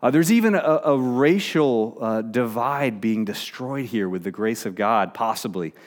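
A man's voice: mid-range voice, lively intonation, a little slow. A middle-aged man preaching a sermon in a conversational way, with frequent fillers and restarts. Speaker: pastor.

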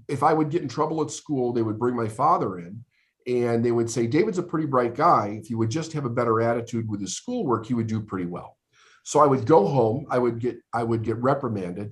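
Speaking at a medium pitch, a middle-aged business coach from the United States tells his life story as a podcast guest. His delivery is earnest and emphatic, with repeated words piling up as he builds.

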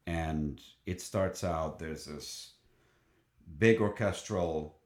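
This man, who sings in a choir, has a deep, slightly mellow voice, recorded with a roomy sound. Telling his story eagerly, he keeps restarting sentences and leaning on fillers.

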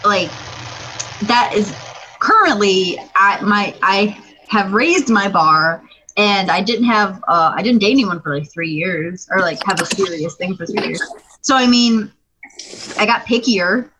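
A woman's voice: medium pitch, lively intonation, measured pace. A woman co-hosting a podcast, talking in a chatty, upbeat casual way. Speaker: podcast co-host. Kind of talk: casual chat. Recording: faint background noise.

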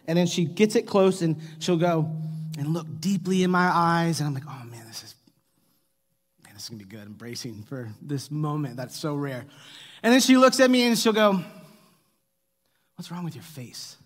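Joking pastor preaching in a hall. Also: male voice, sits high, fairly bright tone. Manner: humorous storytelling, asks the congregation for replies. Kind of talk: sermon. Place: church hall with long reverb. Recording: echoey church hall.

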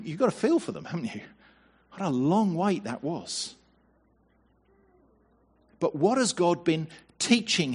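Man giving a sermon, kinda husky, chatty, lots of "isn't it?" questions, stumbles on first words. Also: medium pitch. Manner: conversational, asks rhetorical questions, repeats words when starting. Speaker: preacher.

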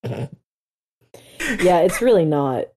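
A woman's voice: lowish voice, very animated, extremely slow, mellow, a little hiss or hum. A woman co-hosting a podcast in casual chat, hesitant and trailing off with fillers. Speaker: podcast co-host.

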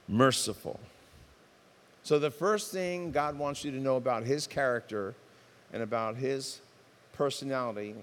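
A man preaching a sermon as pastor, impassioned, swinging from loud emphatic outbursts to soft earnest tones. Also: mid-range voice. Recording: reverberant hall.

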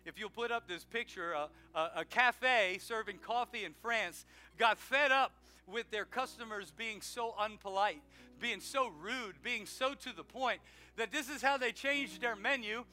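A man preaching an animated sermon in church, drawing call-and-response from the congregation. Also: high-pitched, measured pace, soft background music. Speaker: pastor. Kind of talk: energetic sermon with announcements. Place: church sanctuary.

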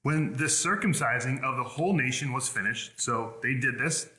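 A man delivers a sermon with an earnest, forceful brightness in his voice. He often restarts and repeats words as he presses his points. The sound is roomy with a noticeable echo. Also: mid-range voice, normal speed. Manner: earnest preaching with frequent word repeats. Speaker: pastor.

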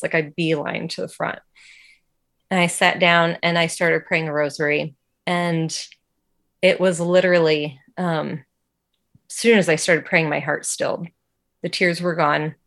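A woman with a slightly low voice tells a personal faith testimony in an interview. She talks casually and earnestly, with many "like" fillers. Her delivery is emotional and open. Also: fairly bright tone. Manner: casual, heavy use of "like" fillers. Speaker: interview guest.

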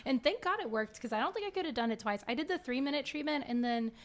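A woman's voice: high voice, animated, fast talker. A young woman co-hosting a podcast, chatting frankly and laughing often. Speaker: podcast co-host. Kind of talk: casual chat.

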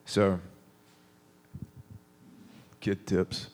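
A man in his thirties gives a sermon in a relaxed, conversational manner, pausing and starting over as he tells stories. His voice is slightly low, and he speaks slowly with long pauses.

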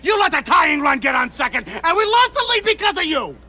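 An actor playing a gruff, washed-up baseball manager who scolds and yells at his players in a film scene. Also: very high voice, sing-song, fairly quick, exaggerated voice. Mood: sarcastic. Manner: yelling, scolding. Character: gruff hot-tempered washed-up baseball manager, middle-aged man.

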